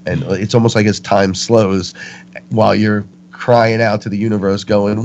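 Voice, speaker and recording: A man, a guest on a spiritual talk show, telling stories with animated energy and acting out the voices he quotes. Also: on the low side, normal speed, a little hiss or hum. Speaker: interview guest. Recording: muffled lo-fi recording.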